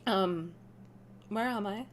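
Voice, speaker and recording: A young woman streams a story game, taking it slowly in a medium-pitched voice over slight background noise. She reads the narration aloud and reacts in an animated, chatty way, laughing often.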